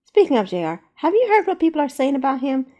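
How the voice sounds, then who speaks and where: A chatty female possum who gossips loudly and flirts, as a woman puts her on. Her voice sits brighter and higher than the narration, in a storybook reading. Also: very animated, fast talker.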